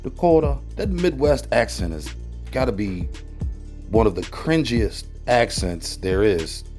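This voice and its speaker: A man's voice: expressive, unhurried, soft background music. A man giving sarcastic, profane ranting commentary, mocking and theatrical. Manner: mocking, profane, theatrical swings in pitch and loudness. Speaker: commentary host.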